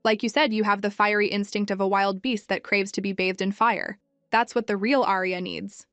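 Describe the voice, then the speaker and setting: A woman's voice: medium pitch, normal speed, no room sound, lightly acted. A woman voicing a cold, menacing mafia boss. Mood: cold, taunting. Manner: calm, menacing. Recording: dry, music faint behind.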